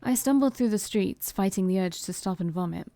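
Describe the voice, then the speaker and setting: A woman's voice: medium pitch, fairly quick, dark tone, no room sound. Brief: woman host, casual let's play narration, dry close mic. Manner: casual, chatty asides. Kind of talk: reading a visual novel aloud with chat.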